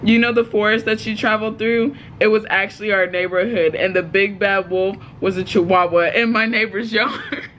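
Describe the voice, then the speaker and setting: Woman, reading her own story aloud, giggly, chatty asides, bright sharp voice, faint hiss behind. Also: mid-range voice, steady tone, moderate pace, dull audio. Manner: giggly, breaks off to laugh and comment.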